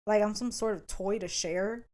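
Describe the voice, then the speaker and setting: A woman's voice: mid-range voice, fairly even intonation, normal speed, darkish tone, close to an everyday voice. Woman playing a fiery, defiant young woman. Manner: snappy, profane.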